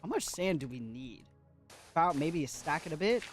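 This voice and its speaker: High, lively-voiced man streaming a game. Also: normal speed, faint music behind. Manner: chatty, playful and giggly, talks to chat. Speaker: livestreamer. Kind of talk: casual gaming livestream chat.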